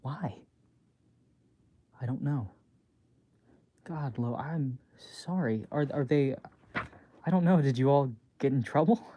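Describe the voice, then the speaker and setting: A man reading his own book aloud as a bedtime story, softly and haltingly, with small slips. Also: mid-range voice.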